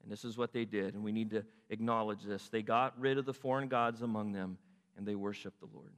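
A man preaching a sermon in an animated way, acting out God's words and asking his listeners questions. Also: on the low side, brisk, in a large hall. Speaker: pastor.

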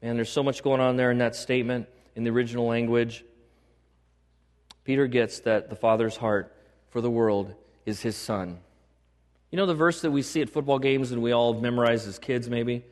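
Speaking at medium pitch with a steady tone and ordinary pace, a male pastor delivers an emphatic sermon. He keeps repeating key phrases and questioning the congregation, his voice carrying a big hall's long reverb in the church sanctuary.

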